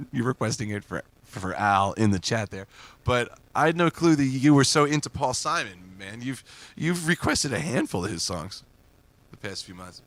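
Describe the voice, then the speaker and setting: In a medium-pitched, slightly bright voice with no echo, a man runs a live music request stream. Between songs he rambles through viewer comments, answering them in a loose, joking way and laughing frequently.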